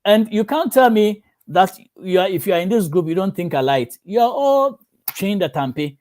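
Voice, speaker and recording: A pastor preaching a sermon. His voice sits a little high for a man. He is a storyteller, and he slips into the voices of the people in his examples. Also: animated, moderate pace, darkish tone.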